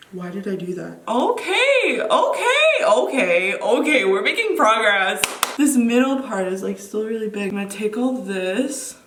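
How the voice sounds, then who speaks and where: A woman's voice: mid-range voice, normal speed. Giggly nervous woman vlogging at home. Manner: nervous, giggly, exclaiming often. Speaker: beauty vlogger. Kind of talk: casual vlog chatter. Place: room at home. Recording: echoey room, mic a bit distant.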